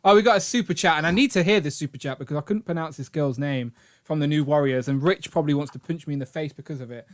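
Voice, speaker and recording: A man in his thirties chats on a live stream in a fairly high voice. He rambles and jokes, laughing easily at his own lines. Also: quick pace. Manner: jokey, rambling, laughs often. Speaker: co-host of toy collecting live stream. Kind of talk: casual live-stream chat.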